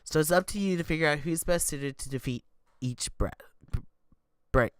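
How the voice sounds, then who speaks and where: A man streaming live, reading an interactive story aloud in an animated way and tripping over words. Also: on the high side, normal speed, clean tone, dry recording.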